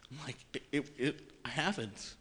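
A man giving an unscripted personal faith testimony, earnest and halting, with many restarts, repeated words and soft self-deprecating laughs. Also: mid-range voice, animated. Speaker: lay speaker sharing a faith testimony.

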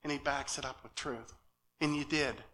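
A nervous man speaking as a lay preacher at a church, earnest and halting, often checking in with "okay?". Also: medium pitch, fairly even intonation, bright, forceful tone. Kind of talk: sermon. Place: church sanctuary.

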